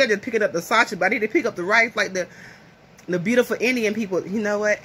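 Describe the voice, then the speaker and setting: A woman's voice: mid-range voice, quick pace, a bit bright, a little hiss or hum. A woman from the American South chatting casually to camera over lunch at home, rambling and nervous. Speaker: vlogger. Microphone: phone camera.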